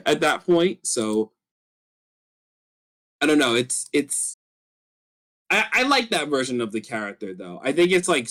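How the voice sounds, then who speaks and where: A man's voice: a little high, fairly bright tone. A man co-hosting a casual podcast, rambling through his thoughts with lots of fillers. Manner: rambling, many fillers, acts out character lines. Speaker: podcast co-host. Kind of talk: casual chat.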